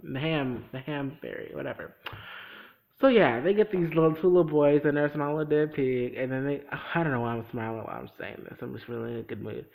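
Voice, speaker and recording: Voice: mid-range voice, fairly quick, vocal fry, rough recording. A vlogger recapping a TV episode in casual chat, talking straight to the viewer with lots of energy. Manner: animated, talks straight to the viewer. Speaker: TV episode reviewer.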